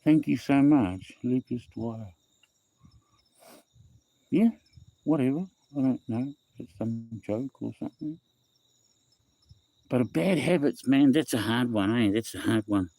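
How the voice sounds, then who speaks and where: A man's voice: medium pitch, a little slow, long pauses, dark tone, dry recording. Rambling New Zealand man on a phone livestream. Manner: rambling, repeats himself, reads chat aloud, says bro and eh. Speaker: livestream host. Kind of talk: casual livestream chat with viewers.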